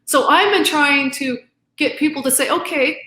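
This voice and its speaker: A woman's voice: sits high, moderate pace, pushed and bright, echoey room. A middle-aged woman giving an impassioned interview as a guest author, earnest and emphatic, acting out both sides of arguments. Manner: earnest, emphatic, quotes arguments back and forth.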